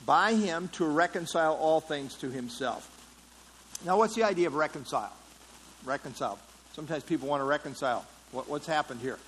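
A man's voice: on the high side, brisk, a bit bright, a little hiss or hum, low-quality recording. A man leading an interactive Bible study, explaining a passage in a conversational way and putting questions to the class. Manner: conversational, asks the class questions, frequent fillers. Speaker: Bible teacher.

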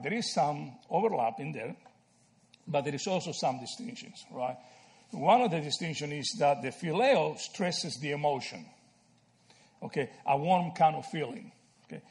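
A man from Argentina teaching a Bible study, animated and checking in with "right?" and "okay?" as he explains. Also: a little high.

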